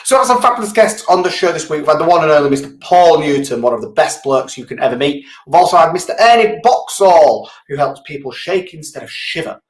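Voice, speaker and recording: A man's voice: on the high side, expressive, brisk, hardly any pauses, reverberant. A man hosting a live business show, chatting casually and rambling into self-mocking asides. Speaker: show host.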